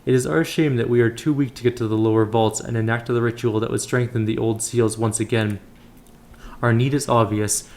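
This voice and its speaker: A man's voice: medium pitch, fairly even intonation, fairly quick, darkish tone, natural voice. A man reading a solemn holy knight. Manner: formal, archaic phrasing read aloud. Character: solemn middle-aged male holy knight.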